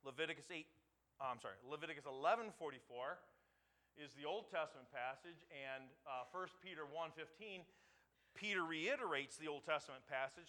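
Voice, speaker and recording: Male pastor preaching, bright tense voice. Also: fairly high pitch. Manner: swells from calm teaching to loud emphatic preaching; repeats words for emphasis, asks the congregation questions. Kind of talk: sermon.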